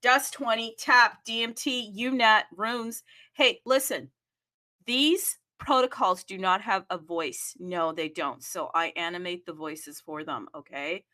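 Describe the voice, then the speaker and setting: A woman's voice: medium pitch, unhurried, sharp tone. A woman hosting a casual crypto livestream, bubbly and exclamatory, with playful asides. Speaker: livestream host.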